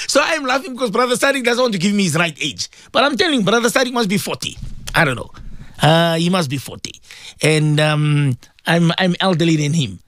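A middle-aged man hosts a call-in radio show, chatting and rambling and greeting his listeners one by one. His voice sits a little high for a man and swings widely in pitch. The studio sound is close and dry. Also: lively intonation, fairly quick, a bit bright, no echo. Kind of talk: casual call-in radio chat.

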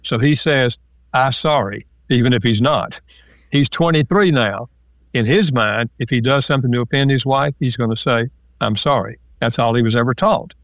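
A man guest, an author and counselor, calmly explaining ideas step by step with examples in a relaxed interview. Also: mid-range voice, moderate pace, no room sound.

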